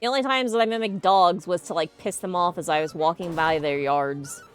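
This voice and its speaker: A woman's voice: lowish voice, a little fast, clear, resonant tone, soft background music. A young adult woman streaming a game live, chatting casually, laughing often and telling rambling stories. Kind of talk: casual live gameplay commentary.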